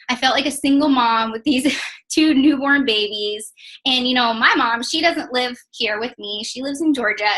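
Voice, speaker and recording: A woman's voice: on the high side, sharp tone, poor audio. A young woman telling her personal story in a casual testimonial, chatty and full of "like" and "um". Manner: chatty, many fillers like "like" and "um". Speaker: network marketing distributor.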